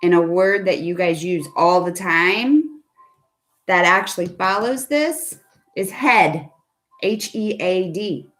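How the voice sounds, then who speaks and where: Slow-talking teacher woman on a video call. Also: fairly low pitch, a bit bright, soft background music. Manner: patient, coaxing, asks students questions. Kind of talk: online phonics lesson for kids.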